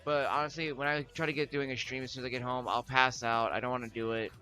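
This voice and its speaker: A man's voice: medium pitch, little pitch movement, fast talker, pushed and bright, soft background music. A young man chatting casually with his viewers as a streamer, rambling with lots of filler words and frequent laughs. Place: home room.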